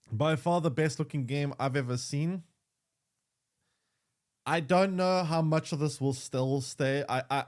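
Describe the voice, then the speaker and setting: A young man streaming a game, chatting casually with many stammered restarts and repeated words. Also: on the high side. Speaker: gaming streamer. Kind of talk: casual gaming commentary.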